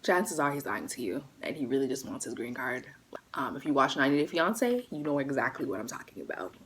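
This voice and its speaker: A young woman telling a casual storytime, chatty and animated, acting out the people she quotes. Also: extremely low pitch, brisk, slight background noise, rough recording. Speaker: vlogger.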